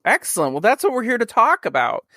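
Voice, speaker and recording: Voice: mid-range voice, wildly swooping pitch, quick pace, bright, forceful tone, no echo. Upbeat host with a dry, close sound. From Long Island, New York. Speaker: podcast host. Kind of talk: scripted intro then casual interview.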